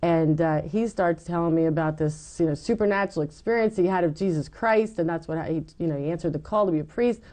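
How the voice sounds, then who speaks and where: A middle-aged woman giving her personal testimony in an interview, animated and acting out what people said. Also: fairly low pitch, brisk, hardly any pauses. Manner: animated storytelling, acts out quoted lines. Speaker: guest telling her faith story.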